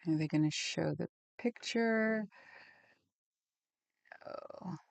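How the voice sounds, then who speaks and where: A woman's voice: on the low side, measured pace, no echo. A woman live streamer chatting casually with her viewers in a rambling way, laughing often and reacting to the chat.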